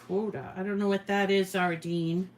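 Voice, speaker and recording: A woman's voice: mid-range voice, level tone, normal speed. A middle-aged woman hosting a casual crafting tutorial, chatty and rambling, often laughing at herself as she works. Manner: chatty, rambling, self-deprecating. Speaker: craft channel host.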